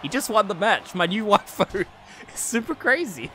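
A man with a bright, sharp voice pitched a little high, commentating a wrestling game on a live stream. He swears and laughs a lot and swings from yelling to low muttering, with faint music playing behind him. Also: very animated, moderate pace.

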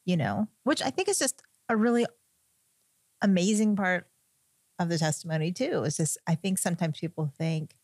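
A woman with a fairly low voice co-hosts a podcast in casual chat. She affirms and encourages her guest, and her voice is recorded dry and close. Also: moderate pace, darkish tone, no echo.

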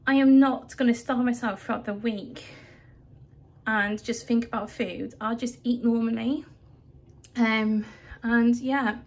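A young adult woman speaking earnestly to camera from her home, rambling and apologetic as she talks through her feelings. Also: on the high side. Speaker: vlogger. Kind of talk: emotional vlog rant to camera. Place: home, indoors.

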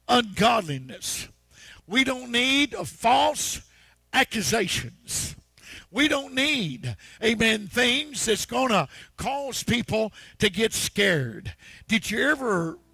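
A pastor preaches in a folksy, storytelling way, peppering his sermon with amens. His voice sits high and gravelly with a bright, husky edge. The sound is close and dry. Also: no echo. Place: church.

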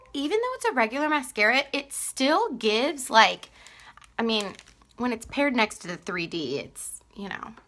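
Bright, chatty Texan woman selling makeup. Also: a little high. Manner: chatty, laughs often, greets viewers by name. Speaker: live-stream makeup seller. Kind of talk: casual live-stream sales chat.

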